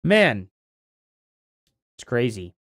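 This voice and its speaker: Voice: medium pitch, sing-song, very slow, a bit bright, dry recording, clean studio sound. A livestream host rambling casually through commentary, thinking aloud, with a voice that is starting to go.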